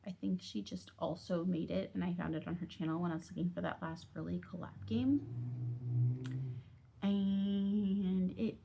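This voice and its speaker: A woman's voice: on the low side, fairly even intonation, normal speed, vocal fry, mellow, dull audio, slight background noise. A woman vlogging at home about her budgeting game, chatting casually and giggling while she colors, often dropping into a half-whisper. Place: home on a busy street.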